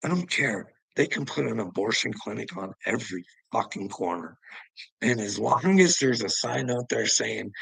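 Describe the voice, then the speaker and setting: A man's voice: lowish voice, lively intonation, normal speed, gravelly, a bit bright, breathy edge, dry recording, poor audio. A man vlogging in a heated, profane casual rant, chuckling between points. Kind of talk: casual ranting monologue.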